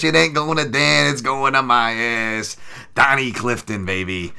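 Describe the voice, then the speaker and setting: A man's voice: medium pitch, steady tone, normal speed, vocal fry, pushed and bright, clean tone. A man hosting a betting show, giving sarcastic, profane commentary on upcoming fights. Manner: crude, profane, sarcastic banter. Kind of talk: sports betting podcast commentary.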